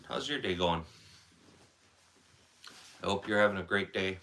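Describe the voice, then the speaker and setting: Low, bright-voiced Wisconsin man, congested. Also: moderate pace, pauses often. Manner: loose, chatty, reads out viewer comments. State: congested, sore throat. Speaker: livestream host. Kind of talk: casual live-stream chat.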